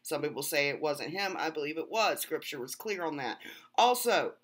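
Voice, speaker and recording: A woman's voice: low voice, expressive, normal speed. A woman hosting her own channel, giving earnest, emphatic Bible commentary and talking straight to her viewers. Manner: earnest, emphatic, exasperated at rival interpretations. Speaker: Christian video host. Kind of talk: casual direct-to-camera Bible commentary.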